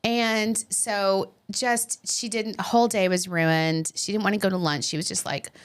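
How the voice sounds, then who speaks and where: A woman's voice: mid-range voice, a little slow, smooth. A woman, co-hosting a podcast and telling a story in casual chat, acting out the people she quotes. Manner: animated storyteller who acts out quoted people. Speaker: podcast co-host.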